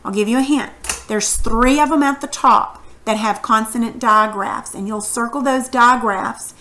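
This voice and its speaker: Bright-voiced woman teaching a phonics lesson. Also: on the high side, moderate pace. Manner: patient, encouraging, asks questions. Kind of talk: recorded phonics lesson for students.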